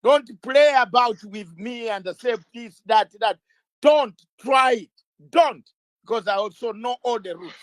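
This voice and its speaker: A man's voice: extremely high pitch, moderate pace, few pauses, a bit bright, no room sound. A man speaking as an interview guest, emphatic and combative, firing rhetorical questions, sometimes stumbling and restarting words. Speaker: interview guest, legal campaigner. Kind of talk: impassioned interview talk.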